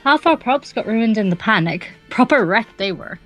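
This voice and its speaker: A woman voicing a chirpy Welsh circus performer from a puzzle game, in a lively Welsh accent. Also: on the high side, normal speed, soft background music.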